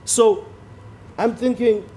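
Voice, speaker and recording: Formal advocate, mellow voice. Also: male voice, very high voice, steady tone, slow pace. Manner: formal, deferential to the bench, emphatic on key words. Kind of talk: courtroom legal argument. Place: courtroom.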